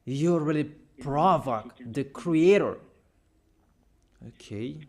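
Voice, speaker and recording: A man with a fairly high voice delivers a stern, admonishing sermon. He hammers points home through repetition, and his English phrasing sounds non-native. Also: lively intonation, slow, darkish tone. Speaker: preacher.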